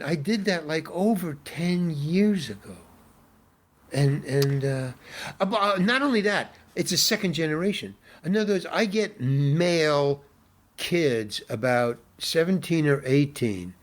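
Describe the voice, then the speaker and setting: An older man, a guest actor, telling stories in a casual interview, rambling with restarts and exasperated asides. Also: fairly high pitch.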